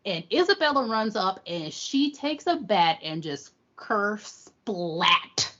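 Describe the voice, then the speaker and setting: A woman's voice: mid-range voice, sing-song, takes it slowly, bright, forceful tone, muffled recording. A woman co-hosting a podcast, recapping an episode in a teasing, playful way. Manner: teasing, playful, quotes characters in voices. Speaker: podcast co-host. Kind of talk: casual recap chat.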